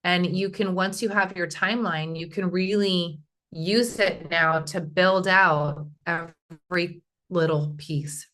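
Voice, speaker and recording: A woman runs a casual screen-share workshop over a video call, chatting directly with her audience and often asking "right?" Her voice sits on the low side, bright and forceful.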